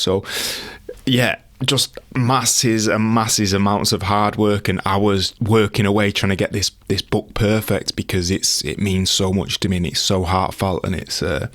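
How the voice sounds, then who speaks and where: A man's voice: lowish voice, no echo. A man talking through a chatty, rambling, self-deprecating podcast monologue as its host.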